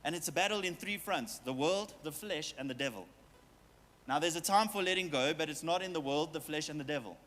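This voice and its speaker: A man's voice: fairly high pitch, a little fast, a bit bright, big-room sound. A man preaching a sermon as pastor, talking straight to his congregation with playful asides and quoted voices. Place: church hall with long reverb.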